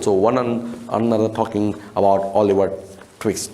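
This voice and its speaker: A man's voice: medium pitch, little pitch movement, moderate pace, a little mellow. A man teaching an English lesson on a classic novel, speaking simple non-native English. He explains the story line by line and raises his voice for the characters' lines. The room around him sounds echoey.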